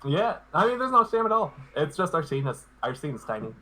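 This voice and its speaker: A man speaks as the guest on a casual live stream, his voice bright and forward. He talks in a laid-back, hesitant way and often restarts his sentences. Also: a little high, very animated, fairly quick, slight background noise, poor audio.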